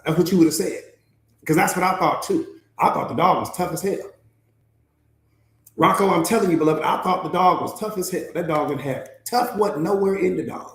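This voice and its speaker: A man coaching a live motivational class, telling stories in a lively, casual way. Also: high-pitched, reverberant. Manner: animated storytelling, casual and laughing.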